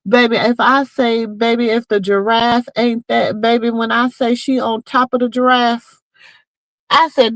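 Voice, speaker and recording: A woman's voice: a little high, moderate pace, no echo, rough recording. Chatty woman gossip host, dry sound. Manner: animated, chatty, talks straight to viewers. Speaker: podcast host. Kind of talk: casual gossip commentary.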